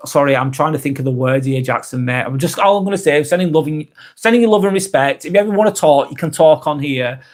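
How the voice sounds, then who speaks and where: A man's voice: fairly high pitch, quick pace, few pauses, a little mellow. A man hosting a live vlog, talking frankly and earnestly, swearing often and restarting his sentences. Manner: earnest and sympathetic. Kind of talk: casual live-stream chat.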